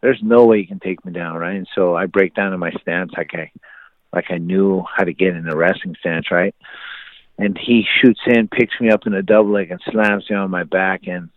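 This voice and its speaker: Low-voiced man telling a rambling story. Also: fairly even intonation, normal speed, no room sound. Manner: rambling with many fillers and restarts, laughs easily. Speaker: guest telling his life story. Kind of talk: casual storytelling. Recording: tinny phone-like line, dry.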